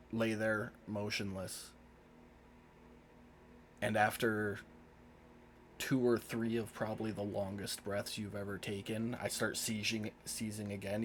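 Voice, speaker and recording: A man with a lowish voice plays a tabletop game from a home streaming setup, narrating his character's actions in first person. He's laid-back and uses loose fillers, with slight background noise.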